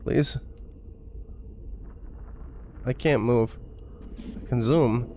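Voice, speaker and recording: A man's voice: medium pitch, expressive, measured pace. A male streamer giving sarcastic, profane commentary while playing a game. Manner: sarcastic, profane, mock-scared.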